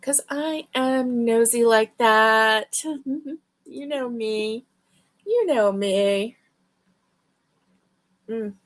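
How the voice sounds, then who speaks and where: A woman's voice: a little high, very slow, long pauses. A woman hosting a crochet livestream, chatting casually with viewers. She sounds tired and yawns, but keeps up friendly, chatty greetings. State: tired and yawning. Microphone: livestream webcam mic.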